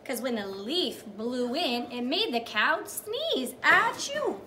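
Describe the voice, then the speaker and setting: A woman's voice: a little high, sing-song, fairly bright tone, a little hiss or hum. A young woman teacher reading a picture book to small children, sing-song and encouraging, praising each step and acting out animal sounds. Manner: drawn-out storytelling with animal sounds.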